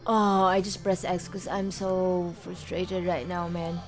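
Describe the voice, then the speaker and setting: A woman's voice: on the low side, little pitch movement, a little slow, faint music behind. A woman commenting on her own basketball video game, frustrated and exclaiming at the plays. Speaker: gamer. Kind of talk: let's play commentary.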